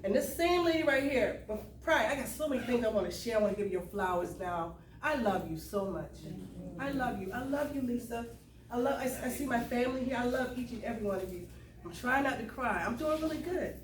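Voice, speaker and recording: A woman's voice: a little high, lively intonation, a little fast. A middle-aged woman giving an emotional personal testimony to a live audience at a cultural event, in a conversational storytelling way. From US Lowcountry (South Carolina). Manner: emotional, conversational Southern storytelling with call to the crowd. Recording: roomy sound from far off, faint room noise.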